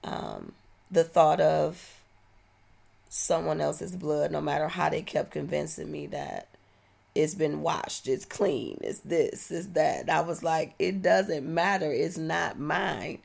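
Slow gravelly woman in her forties. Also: sits low, steady tone, darkish tone. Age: 40s. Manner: heartfelt, slow and reflective. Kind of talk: personal testimony.

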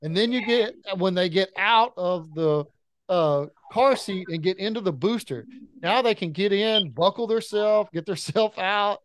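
A man in his thirties with a fairly high voice talks in a loose, animated way, wandering from one story to the next. The sound is close and dry, with no room around him. He is a podcast co-host in casual chat. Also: measured pace, no echo.

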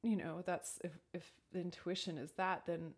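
A woman's voice: lowish voice, level tone, normal speed, husky. A woman talking reflectively about intuition and decisions, thoughtful, with frequent "like" and restarts, sometimes dropping to a near whisper. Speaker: speaker sharing personal advice. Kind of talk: reflective casual talk.

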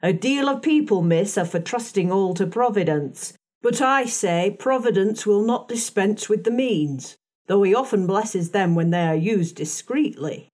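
Lady reading as a cool unbothered housemaid type, even and a bit pointed, storybook voice. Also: medium pitch, normal speed, lightly acted. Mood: composed. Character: composed, guarded middle-aged female servant. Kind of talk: audiobook character reading.

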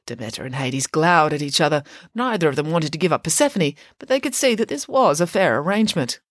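A woman narrating a bedtime story in a lively, expressive way. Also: low-pitched, fast talker, few pauses, no echo, clean studio sound.

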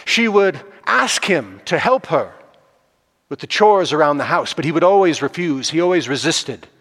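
Slow, hushed male storyteller. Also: fairly high pitch. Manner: slow and deliberate, swinging from loud to hushed. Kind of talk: oral storytelling. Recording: long hall reverb.

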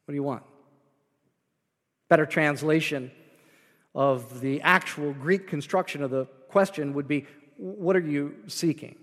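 A man's voice: on the high side, measured pace, a bit bright. Pastor man preaching in an echoing hall. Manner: explains scripture verse by verse, with repeated restarts. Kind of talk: sermon.

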